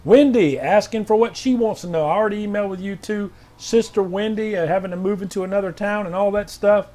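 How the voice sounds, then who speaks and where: A man reading out prophetic words to named listeners, repeating each one slowly and loudly, then explaining it in quiet, halting asides. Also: sits high. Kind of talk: informal prophetic reading with commentary.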